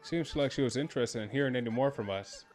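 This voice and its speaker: A man's voice: medium pitch, quick pace, darkish tone. A man reading a game's dialogue aloud in his own voice, unscripted, with slips and restarts. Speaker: player voicing game dialogue.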